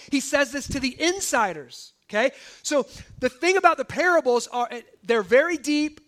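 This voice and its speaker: Male pastor, sermon delivery, very high pitched and bright, chatty with constant tag questions. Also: lively intonation, moderate pace. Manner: conversational, peppers points with "right?" and "okay?".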